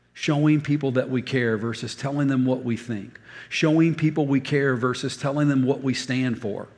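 A man's voice: medium pitch, vocal fry, in a large hall. An older man preaching a sermon as a pastor, telling stories and repeating key phrases for emphasis. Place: church hall.

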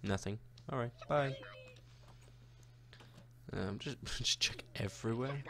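A man's voice: medium pitch, slow, creaky, pauses often, a crowd in the background. A young man narrating his own gameplay in a chatty, jokey way, talking to the characters he meets. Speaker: gaming YouTuber. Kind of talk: let's-play commentary.

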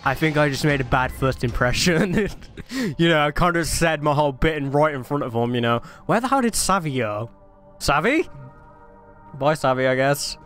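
A man's voice: fairly high pitch, animated, moderate pace, fairly bright tone, faint music behind. A man giving chatty, self-mocking commentary while playing a video game. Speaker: gaming commentator. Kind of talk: let's play commentary.

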